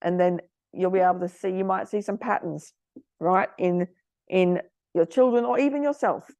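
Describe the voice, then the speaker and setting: A middle-aged woman host talking earnestly to parents, sometimes moved to emotion, giving gentle advice. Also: lowish voice, moderate pace, dry recording. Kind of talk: casual product talk to parents.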